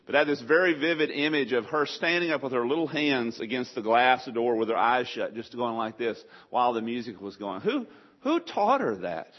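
A middle-aged male pastor preaching a sermon, animated, with sudden loud acted outbursts. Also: medium pitch, fairly quick, few pauses. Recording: slightly dull lo-fi sound.

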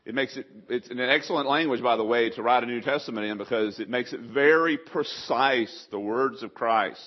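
A middle-aged male pastor preaching a sermon, animated, with sudden loud acted outbursts. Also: medium pitch, normal speed. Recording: slightly dull lo-fi sound.

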